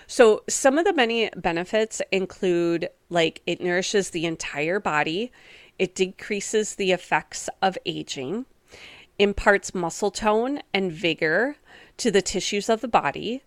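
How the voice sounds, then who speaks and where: A woman's voice: mid-range voice, animated, a little slow, no room sound, studio quality. A woman hosting a solo wellness podcast, talking in an upbeat, encouraging, chatty way with casual fillers. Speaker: podcast host and wellness coach.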